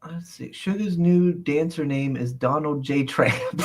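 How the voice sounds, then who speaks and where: A man's voice: fairly high pitch, unhurried, hardly any pauses. A man hosting a casual live chat show, reading viewer comments with playful mock indignation and frequent laughter. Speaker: host.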